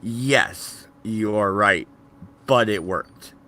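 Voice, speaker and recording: A man's voice: on the low side, very slow, pushed and bright. A man co-hosting a casual podcast, laughing and ranting in mock anger through rowdy banter. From Oregon.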